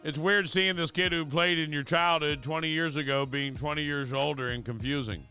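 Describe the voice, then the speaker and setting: A man's voice: fairly high pitch, fairly even intonation, moderate pace, over music. A man hosting a radio morning show, brash and joking in casual studio banter. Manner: brash, joking, swears freely.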